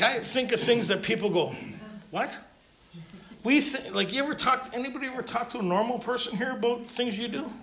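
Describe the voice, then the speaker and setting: A man's voice: sits high, creaky, noisy background. A man telling his story at a recovery meeting, humorous and self-mocking, stammering and restarting as he goes. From Canada. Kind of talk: storytelling talk at a recovery convention. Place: convention hall with audience.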